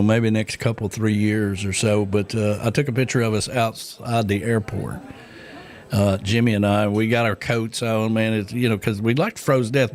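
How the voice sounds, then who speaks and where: A man's voice: lowish voice, a little mellow. A man, co-hosting a casual radio show and telling rambling stories full of fillers. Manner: rambling storyteller, many fillers and laughs. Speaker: radio co-host.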